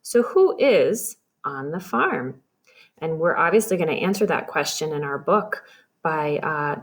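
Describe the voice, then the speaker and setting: Patient woman teaching young kids. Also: fairly low pitch. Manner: patient, slow and explanatory, addressing kids directly. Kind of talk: recorded classroom lesson for young children.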